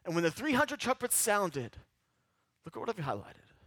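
Male pastor, high-pitched preaching voice, dry close sound, repeats lines for emphasis. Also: normal speed, no room sound. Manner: animated preaching, repeating lines for emphasis, dropping low and quiet toward the close. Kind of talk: sermon.

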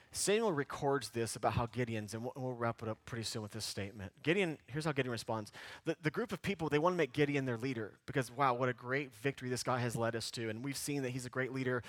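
A man preaching a sermon, animated and repetitive, repeating key lines for emphasis before dropping low and quiet. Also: no echo, clean studio sound. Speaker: pastor.

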